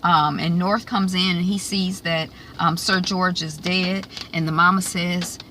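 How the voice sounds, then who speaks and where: A woman's voice: on the low side, steady tone, measured pace, hardly any pauses, bright, forceful tone, slight background noise. A woman giving a casual, chatty recap of a TV episode. She fills her talk with ums and acts out the characters' lines. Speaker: TV recap reviewer.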